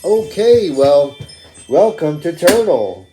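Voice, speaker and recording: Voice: medium pitch, sing-song, takes it slowly, over music. A performer voicing an upbeat announcer in a spoof insurance ad within a homemade puppet show. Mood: salesy.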